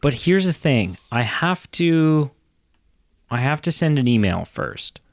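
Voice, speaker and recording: A man's voice: a little high, sing-song, no echo. Chatty man co-hosting a podcast. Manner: chatty, self-deprecating, fast talking. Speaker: podcast co-host. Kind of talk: casual chat.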